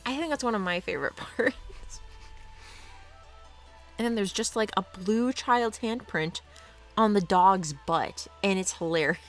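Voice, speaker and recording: A woman's voice: mid-range voice, a bit bright. A young woman streaming from her home art studio, chatting and giggling as she talks to her dogs. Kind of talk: casual live-stream chat.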